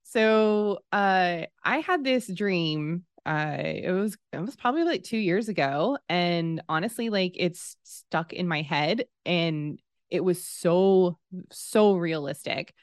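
A woman in her thirties telling a personal story in casual conversation, acting out the quoted dialogue with lively swings in her voice. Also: on the low side, slow, clean tone, dry recording, studio quality. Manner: animated, acts out quoted dialogue.

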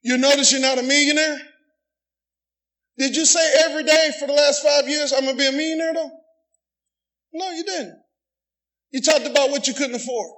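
Middle-aged pastor, a man with a very high, forceful voice who preaches loud and pushes for call-and-response. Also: moderate pace, long pauses, low-quality recording. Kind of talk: sermon.

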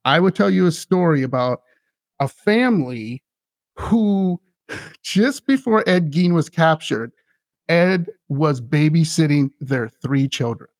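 A man's voice: a little high, expressive, slow pace, dry recording, clean studio sound. A man hosting a podcast, telling a story in an eager, rambling way with many restarts. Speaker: podcast host. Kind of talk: casual chat.

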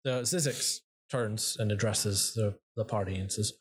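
A man's voice: on the low side, measured pace, few pauses, slightly rough. A man narrating a tabletop game as dungeon master, with many fillers and frequent laughs.

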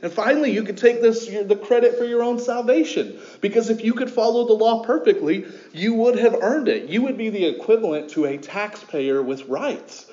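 A man's voice: sits high, moderate pace, few pauses, warm tone, roomy sound, dull audio. A man preaching a sermon in a church, casual and conversational, with many fillers and restarts. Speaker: pastor. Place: church sanctuary.

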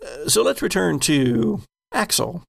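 A man narrating a tabletop game as game master, unhurried and halting with many fillers. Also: sits high, very animated, vocal fry, a bit bright, husky.

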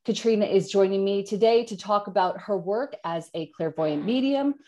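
A woman's voice: mid-range voice, moderate pace, warm tone. Upbeat woman hosting a podcast. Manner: upbeat, encouraging interviewer. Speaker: podcast host. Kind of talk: casual podcast interview.

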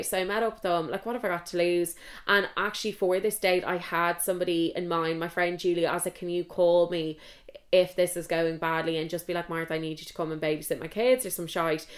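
Irish woman, twenties, chatty, self-mocking, swears freely, slightly low voice. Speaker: podcast host. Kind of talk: casual storytelling.

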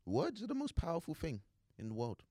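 Teasing man with a lively pitch. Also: fairly quick, no echo, clean studio sound. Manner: teasing, laughs often. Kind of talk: casual chat.

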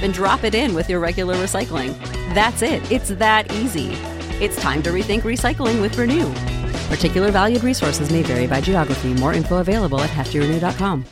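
A woman delivers a polished advertising read in a smooth, upbeat voice at an everyday pitch. Clear music plays beneath her the whole time. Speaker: ad announcer. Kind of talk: scripted radio-style ad read.

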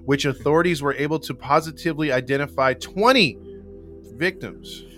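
Bright-voiced man reading a crime case. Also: fairly high pitch, moderate pace, faint music behind. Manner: laughs often, breaks into loud joking voices. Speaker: podcast host. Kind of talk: casual live-show chat, reading a true-crime case.

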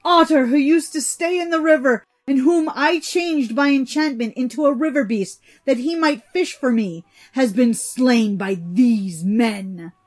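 A woman's voice: unhurried, mellow, natural voice. A woman reading a storybook, voicing a greedy, cunning old man who is a sorcerer and a father. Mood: shrieking grief. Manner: shrill, cries out.

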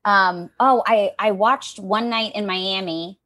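An expressive young woman, a voice actor, chats as an interview guest. She tells her stories with animated energy and slips into lively quoted asides. Her voice sits at an ordinary middle pitch. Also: slow. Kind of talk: casual interview chat.

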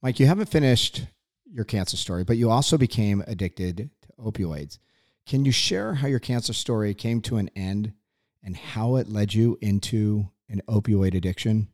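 Male interview host, low voice, direct questions, dry close sound. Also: lively intonation, moderate pace, a little mellow, no echo. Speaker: podcast host.

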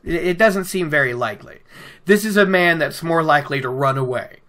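A podcaster reading the lines of a stern but kindly male warrior in a lowered, hushed voice while recapping a book. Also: brisk, natural voice. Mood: doubtful. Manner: low, quiet, matter-of-fact warning.

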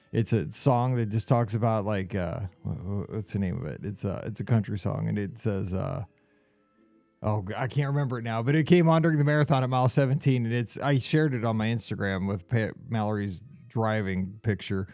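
A man's voice: fairly low pitch, fairly quick, gravelly, warm tone, no room sound. A middle-aged man co-hosting a casual podcast, rambling and easily moved to emotion. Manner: emotional, rambling, gets choked up. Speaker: podcast co-host.

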